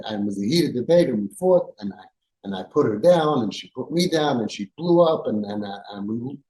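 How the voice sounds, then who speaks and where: A man at an ordinary mid pitch advises parents in an emphatic, insistent way. He fires off rhetorical questions and repeats his points. The sound bounces around an echoey room. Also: darkish tone. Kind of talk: advice talk to parents.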